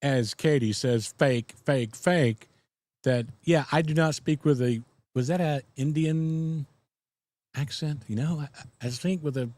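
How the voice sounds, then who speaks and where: A man's voice: on the high side, unhurried, a little mellow, no echo. A man with a Southern US accent hosting a casual podcast live stream, rambling in a folksy way and reading viewer comments. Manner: folksy, rambling, chuckles often. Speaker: podcast host.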